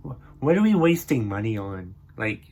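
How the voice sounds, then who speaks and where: A man's voice: on the low side, big pitch swings, normal speed, a little mellow. Grumpy man ranting on a podcast. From northern New England. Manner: grumpy, exasperated, profane. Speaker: podcast host. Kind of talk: comedic rant.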